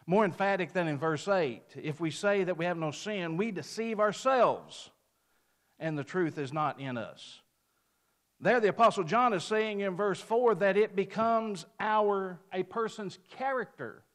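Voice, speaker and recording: Man, preacher, bible teaching, emphatic, slightly high voice. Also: a little slow, fairly bright tone. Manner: emphatic, rises on quoted scripture and drops at phrase ends; mimics a picky customer in a folksy aside. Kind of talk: sermon-style Bible teaching.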